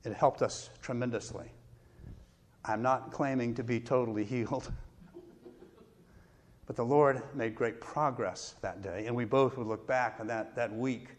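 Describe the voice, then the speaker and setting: Middle-aged man, pastor, sermon delivery, personal storytelling, mid-pitched voice. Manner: storytelling, warm pauses, self-deprecating laughs.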